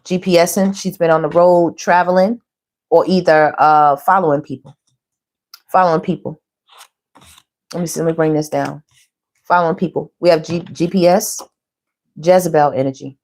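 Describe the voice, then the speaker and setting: A woman's voice: deep voice, normal speed, pauses often. Chatty woman giving a tarot reading. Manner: chatty and animated, calls listeners baby and girl, laughs often. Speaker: tarot reader. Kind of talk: casual tarot reading to viewers.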